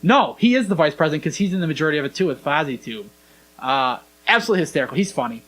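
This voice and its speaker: A man's voice: fairly high pitch, racing. A young man hosting a podcast, casually retelling scenes and acting out the lines. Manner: animated storyteller, acts out quoted lines. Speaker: podcast host. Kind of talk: casual chat.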